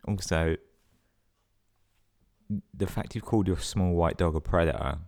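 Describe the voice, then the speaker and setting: A man with a very low, deep voice reads listener stories on his podcast. He keeps cutting in with sweary, sarcastic jokes between the sentences. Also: a little slow, darkish tone. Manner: sweary, sarcastic running commentary. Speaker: podcast host. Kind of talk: reading listener emails with comic asides.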